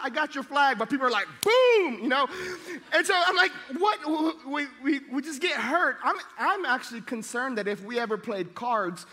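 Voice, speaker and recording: A man's voice: very high voice, in a large hall. A middle-aged man preaching a sermon, telling funny stories and acting out the people in them. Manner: animated, jokey, acts out voices. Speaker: pastor. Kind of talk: sermon with storytelling.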